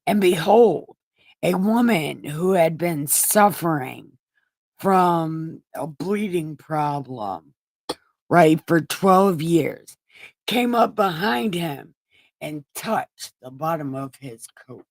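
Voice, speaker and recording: A woman's voice: low voice, animated, slow, no echo. A woman hosting a show, retelling Bible stories in a casual, irreverent way with profane, sarcastic asides. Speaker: host reading scripture.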